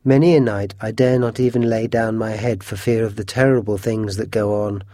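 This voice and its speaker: A man voicing an ominous old housekeeper woman with a raspy voice and gloomy, warning tones. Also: fairly low pitch, fairly even intonation, normal speed, warm tone, no echo, studio quality, close to an everyday voice.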